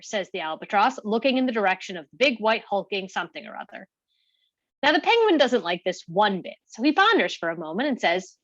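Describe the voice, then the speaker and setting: A woman reading a comic monologue aloud in an animated, playful storytelling manner. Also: medium pitch, normal speed, dry recording, highs cut off. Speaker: play reader.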